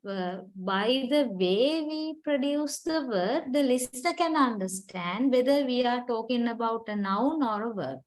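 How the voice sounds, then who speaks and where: Non-native English woman teacher, unhurried, a bit high-pitched, repeats words as she explains. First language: not English. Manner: patient, explains step by step, repeats words to model stress, checks in with "right?". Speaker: English linguistics lecturer. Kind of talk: recorded university lecture.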